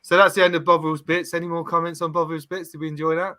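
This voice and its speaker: A man hosts a football comedy chat show. His voice is bright and forceful and sits a little high. He teases his friends and tells stories with lots of laughs. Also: fast talker. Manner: laughing, teasing, animated storytelling. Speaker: podcast host. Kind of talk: casual football banter.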